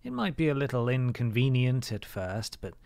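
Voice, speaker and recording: A man voicing a scheming, smooth-talking male sea turtle in a storybook read-aloud on a livestream, with a slow, drawn-out, persuasive delivery. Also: mid-range voice, big pitch swings, a little mellow, no room sound. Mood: coaxing.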